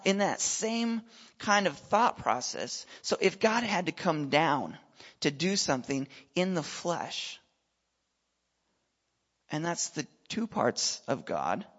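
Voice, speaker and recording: A man preaching a sermon in a conversational, animated way, firing off rhetorical questions. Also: a little high. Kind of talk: sermon with personal storytelling. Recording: echoey hall, dull lo-fi sound.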